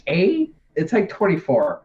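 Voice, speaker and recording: A man's voice: high-pitched, wildly swooping pitch, measured pace, a little mellow. A young man co-hosting a casual podcast, rambling, swearing and laughing often as he recaps. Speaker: podcast co-host. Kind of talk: casual chat. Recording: dull lo-fi sound.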